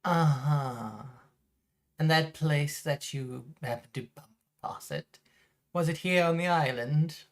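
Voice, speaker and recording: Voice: medium pitch, slow pace. Probing tabletop player. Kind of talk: tabletop game chat.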